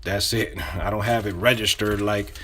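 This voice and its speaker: A man's voice: on the low side, fairly even intonation, moderate pace, bright, forceful tone, a little hiss or hum. A man giving casual sales coaching, talking loosely with restarts and repeating himself as he acts out sample phone calls. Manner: loose, conversational phrasing with restarts. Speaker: sales trainer. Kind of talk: casual instruction.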